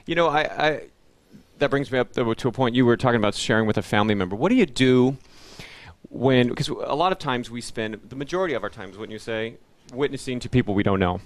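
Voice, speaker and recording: A man in casual conversation who asks questions and repeats words as he gathers his thoughts. His voice sits at an ordinary pitch, and the recording is close and dry. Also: fast talker, dry recording. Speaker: co-host of a street evangelism web show. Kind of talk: casual chat, asking questions.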